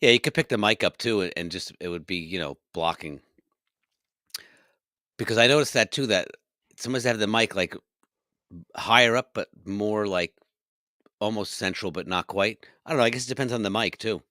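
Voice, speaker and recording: Encouraging low-voiced male podcast co-host. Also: normal speed, pauses often, sharp tone, no echo, clean studio sound. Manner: upbeat, encouraging, teasing. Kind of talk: casual chat. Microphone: handheld dynamic vocal mic.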